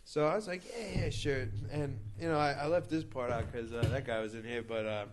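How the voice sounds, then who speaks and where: A man's voice: mid-range voice, a little fast, noisy background. A man in his twenties telling a long, crude story in casual chat, rambling with lots of fillers and repeats. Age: 20s. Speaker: podcast storyteller.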